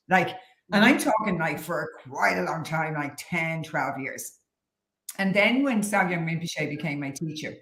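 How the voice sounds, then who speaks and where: Candid woman guest in a roomy echo. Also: fairly low pitch. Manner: reflective, candid, laughs easily. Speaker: guest, meditation teacher. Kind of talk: casual interview chat.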